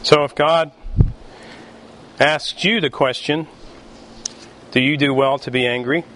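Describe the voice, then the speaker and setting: A male pastor delivers a sermon in a church, speaking with deliberate emphasis and measured pauses. His voice sits a little high for a man. A faint background noise runs under his words. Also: fairly even intonation, fairly bright tone.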